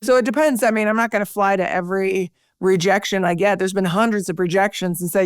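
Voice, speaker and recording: A middle-aged woman, a podcast guest, telling lively stories and acting out the voices she quotes. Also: mid-range voice, fast, few pauses, dry recording, studio quality. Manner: animated storyteller, acts out quoted voices. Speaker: podcast guest, broadcaster and speaker. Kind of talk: conversational interview.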